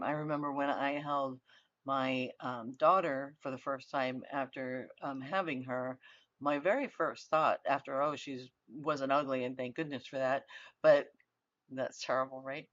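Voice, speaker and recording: A middle-aged woman lectures in an earnest, conversational manner, often pausing on fillers and restarting her sentences. The recording is dry and a little muffled, with no room sound. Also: extremely low pitch, a bit bright, dry recording. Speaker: university lecturer.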